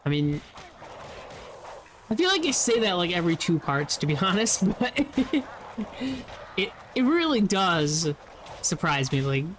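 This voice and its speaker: A man's voice: high voice, sing-song, a little slow, pauses often, fairly bright tone, slight background noise. A man talking casually over gameplay, rambling and often restarting his sentences. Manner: rambling, self-interrupting, frequent "like". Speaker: let's play commentator.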